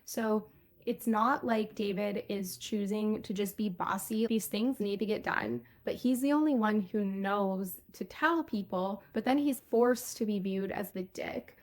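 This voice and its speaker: A woman co-hosting a casual podcast, recapping an episode in a loose, chatty way. Her voice sits in a middle range with a gravelly, creaky texture. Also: mid-range voice, measured pace. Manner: chatty, retells scenes with quoted lines. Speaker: podcast co-host.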